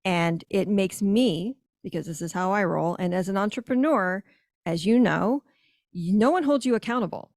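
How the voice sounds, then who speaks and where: A woman's voice: medium pitch, moderate pace, a little mellow, dry recording, studio quality. A woman on a podcast telling her business story in an emphatic, conversational way, with frequent self-corrections. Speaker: guest, granola business owner.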